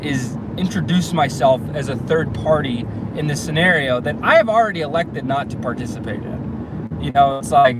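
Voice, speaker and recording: A man's voice: on the high side, expressive, normal speed. A young man telling a story casually while he drives, full of fillers and restarts. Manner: rambling, casual, many fillers. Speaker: vlogger. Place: car, driving. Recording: clear road and traffic noise.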